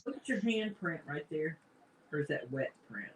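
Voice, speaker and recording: A woman's voice: sits low, sing-song, normal speed, rough recording. A woman chatting casually and pointing things out. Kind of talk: casual chat.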